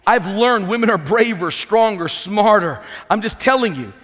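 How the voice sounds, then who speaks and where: Animated high-voiced male pastor preaching. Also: normal speed. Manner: animated, self-deprecating humor, frequent restarts. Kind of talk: sermon. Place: large church sanctuary. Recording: reverberant church hall.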